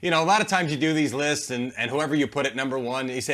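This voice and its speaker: A man's voice: mid-range voice, fast talker, fairly bright tone. A man giving sports analysis on a live TV panel, stating his opinions emphatically and confidently.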